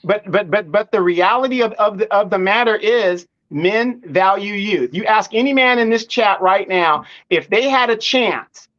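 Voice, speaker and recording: High-voiced man on muffled remote audio. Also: normal speed, few pauses, a bit bright. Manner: repeats words when starting a point, firm and opinionated. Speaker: guest commentator. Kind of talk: live online discussion.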